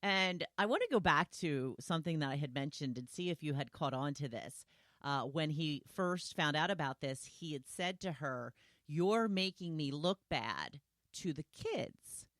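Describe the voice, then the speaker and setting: Low-voiced woman hosting a solo podcast. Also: normal speed, fairly bright tone, no echo, studio quality. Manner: conversational, retelling scenes with quoted lines. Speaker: podcast host.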